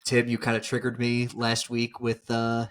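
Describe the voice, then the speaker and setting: Man co-hosting a sports podcast, mid-pitched voice, animated casual chat, laughs a lot. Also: normal speed, clear, resonant tone. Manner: animated, talks over his co-host, laughs often. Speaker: podcast co-host.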